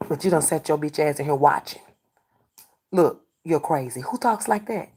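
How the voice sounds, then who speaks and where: A woman with a low, animated voice speaks at a moderate pace, her tone warm with a breathy edge. She's a livestreamer who does readings, scolding and combating her chat and repeating herself for emphasis.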